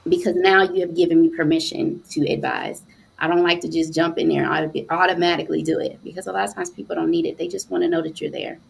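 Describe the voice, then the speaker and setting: A woman's voice: fairly low pitch, steady tone, fast, gravelly. A middle-aged woman hosting a casual live podcast, talking earnestly with frequent "um"s. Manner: warm, earnest, with many "um"s. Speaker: podcast host.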